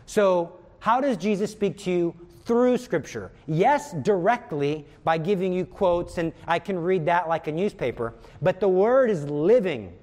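A man's voice: high voice, lively intonation, a little slow, hardly any pauses, darkish tone. Earnest man teaching prayer with emphasis. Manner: earnest and emphatic, repeats words for stress. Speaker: religious teacher.

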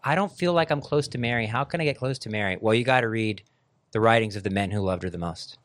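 Fast-talking emphatic man. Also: fairly low pitch, a bit bright, no echo. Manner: emphatic, quick interjections. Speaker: podcast co-host. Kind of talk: casual faith discussion.

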